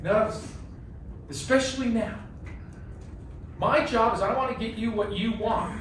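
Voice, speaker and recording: A man running a casual real estate training workshop, animated and joking, often asking "right?". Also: sits high. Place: classroom with a group. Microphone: phone camera from across the room. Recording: very echoey room, distant, faint hiss.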